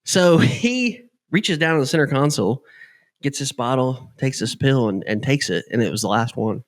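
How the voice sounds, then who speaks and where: A man's voice: mid-range voice, moderate pace. A man telling stories in casual podcast chat, acting out the people in them and swearing casually. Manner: animated storyteller, swears casually; acts out the people in his stories.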